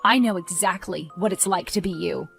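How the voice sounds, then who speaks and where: A woman voicing a stressed teenage high school boy who talks tensely and pleads, then snaps into anger. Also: moderate pace, creaky, fairly bright tone, soft background music. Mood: angry.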